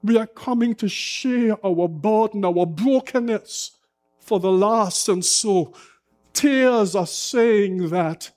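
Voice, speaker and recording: High-voiced impassioned male preacher. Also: takes it slowly, a little mellow. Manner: impassioned preaching, rhetorical questions, repetition. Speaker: pastor. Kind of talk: sermon.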